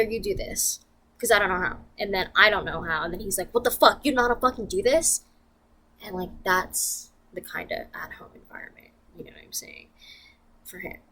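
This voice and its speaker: A woman's voice: medium pitch, fairly bright tone. A young woman venting to camera in a casual vlog, blunt and profane, rambling with lots of fillers. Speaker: vlogger.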